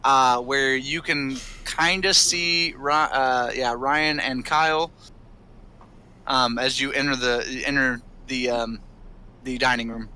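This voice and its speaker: A man's voice: mid-range voice, fairly even intonation, slow pace, pushed and bright, clean tone, rough recording. A man narrating a tabletop game as game master, rambling with many restarts and fillers.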